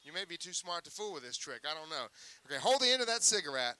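Joking sideshow magician with a bright voice. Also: male voice, fairly high pitch, sing-song, fast, clear, resonant tone. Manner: joking, teasing showman banter. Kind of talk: stage patter with a volunteer. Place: outdoor sideshow stage.

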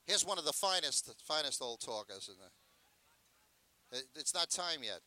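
An older man working a crowd like a carnival pitchman, all brash showman's patter and wisecracks into a handheld mic. His voice sits high and cuts through brightly, and the sound is dry and close. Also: sing-song, a little slow, no room sound. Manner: brash, joking showman's patter, loud sales pitches between chatty asides. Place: outdoor festival stage. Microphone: handheld microphone.

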